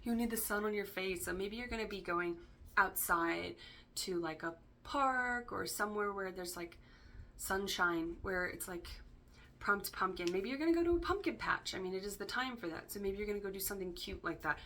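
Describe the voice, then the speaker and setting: A woman's voice: mid-range voice, normal speed, fairly bright tone, slight background noise. A woman giving a casual spoken tarot reading in a chatty way, full of fillers and loose swearing, often checking in with "right?". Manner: chatty, filler-heavy, casually profane, keeps asking "right?". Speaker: tarot reader.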